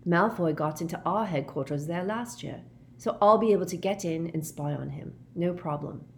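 A woman voicing an eager, determined teenage boy wizard who reasons out loud with quick excitement. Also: fairly low pitch, lightly acted. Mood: excited. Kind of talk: audiobook character voice.

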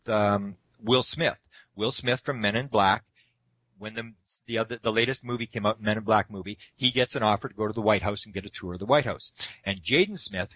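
A man's voice: lowish voice, dry recording. Man telling stories in a dry room. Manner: animated anecdotal storyteller, acts out quotes. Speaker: guest speaker on UFO topics. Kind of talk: casual storytelling interview.

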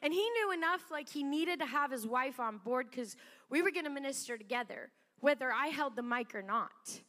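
A high-pitched middle-aged woman pastor tells stories from the pulpit in a chatty, animated way, laughing often. Her voice carries a long reverb from a large church sanctuary. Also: normal speed. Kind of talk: sermon storytelling.

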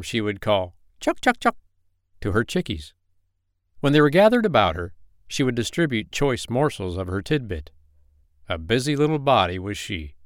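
Male bedtime-story narrator, gentle and expressive, animated pitch, dry close mic. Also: no echo. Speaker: podcast storyteller.

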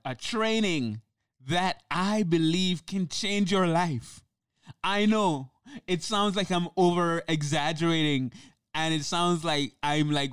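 A man's voice: on the high side, fairly bright tone, clear, resonant tone, dry recording, clean studio sound. A man hosting his own podcast solo, enthusiastic and chatty, often laughing and tripping over repeated words. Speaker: podcast host.

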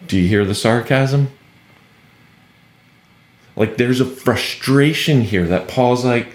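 Man, preacher, sermon, lively swinging pitch, slightly high voice. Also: slow pace, long pauses, echoey room. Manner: animated, sarcastic at times, acts out quoted speech.

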